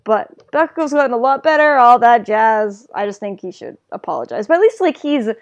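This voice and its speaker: Chatty high-voiced woman. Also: brisk, highs cut off. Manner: chatty, animated, retells scenes. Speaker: podcast co-host. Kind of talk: casual anime discussion.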